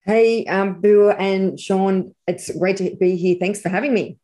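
A woman's voice: medium pitch, fairly even intonation, a little slow, dark tone. A woman who is a psychologist, answering interview questions thoughtfully.

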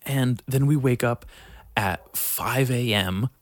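A man's voice: mid-range voice, takes it slowly. A young man talking casually, telling a rambling, profane story with lots of fillers. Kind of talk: casual chat.

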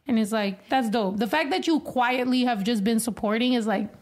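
A woman's voice: a little high, moderate pace. A woman in her thirties, a rapper hosting a casual stream, chatty and emotional, swearing freely and laughing often. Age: 30s. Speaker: livestream host and rapper. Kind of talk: casual chat.

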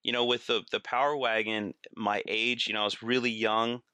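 A man's voice: on the low side, level tone, normal speed, sharp tone, clean tone, dry recording. A man guesting on a podcast, telling stories casually, acting out quotes and laughing through them. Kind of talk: casual storytelling.

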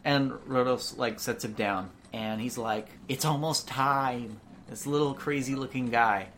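A woman's voice: extremely low pitch, moderate pace, a little hiss or hum. A woman narrating as game master, describing scenes loosely with many filler words. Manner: casual, lots of "like" fillers.

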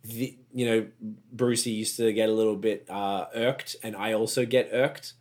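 A man's voice: lowish voice, level tone, moderate pace, darkish tone. A young man hosting a casual chat, rambling, swearing freely and laughing often. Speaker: podcast host.

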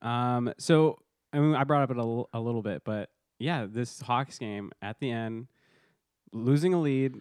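A man co-hosting a casual sports podcast, excitable and laughing a lot as he recaps games. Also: medium pitch, moderate pace, clear, resonant tone, dry recording, clean studio sound. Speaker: podcast co-host.

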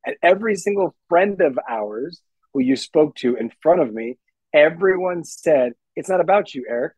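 This podcast co-host speaks in a fairly high, expressive, slightly mellow and husky voice, recorded dry and rough. In casual chat, he protests deliberately, laying out his points one by one.

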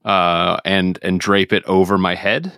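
A man's voice: sits low, steady tone, a little slow, sharp tone, clear, resonant tone, no echo, clean studio sound. A man playing a tabletop game, asking the game master questions casually. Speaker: player.

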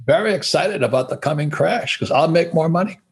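A man's voice: on the high side, brisk, a crowd in the background. A man in his seventies from Hawaii, a guest in an interview, telling blunt stories with profanity and laughter. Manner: profane, animated storytelling, laughs while talking. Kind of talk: blunt casual interview talk.

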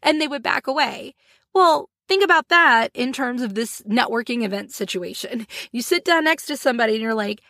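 Female podcast host, high voice, animated and chatty, dry studio sound. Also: moderate pace, no echo. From Florida, US. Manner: animated, laughing, acts out little scenes. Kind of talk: solo podcast talk.

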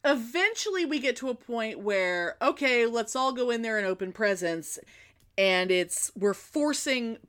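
A woman retelling a film in casual chat, animated and rambling, often restarting her sentences. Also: a little high, measured pace.

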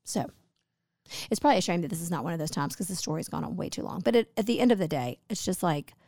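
A woman's voice: on the low side, animated, fast, a little mellow, no echo, clean studio sound. A middle-aged woman chatting with her husband, rambling through a story in a chatty way. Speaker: co-host, host's wife. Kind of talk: casual chat.

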